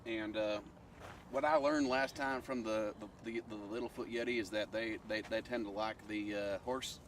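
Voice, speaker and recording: A man's voice: lowish voice, steady tone, moderate pace, recorded from a distance, slight background noise, natural voice. A man playing a bumbling wildlife expert in a comedy sketch, rambling and stammering in a folksy way, recorded outdoors. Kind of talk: improvised comedy sketch acting.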